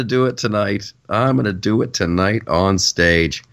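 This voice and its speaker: A tired comedian on his podcast meanders through a joking rant, restarting constantly and repeating words. His lowish, creaky voice is a bit bright and a little slow, with hardly any pauses.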